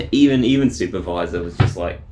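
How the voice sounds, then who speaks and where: A man's voice: low-pitched, animated, normal speed, darkish tone, roomy sound, faint music behind. A man telling a daily diary vlog in a rambling, blunt, profane casual way. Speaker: vlogger.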